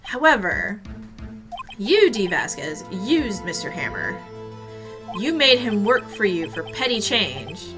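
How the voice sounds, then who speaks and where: A woman's voice: medium pitch, big pitch swings, takes it slowly, over music. A woman voicing an earnest young male defense lawyer, arguing dramatically in a courtroom game playthrough. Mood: accusing.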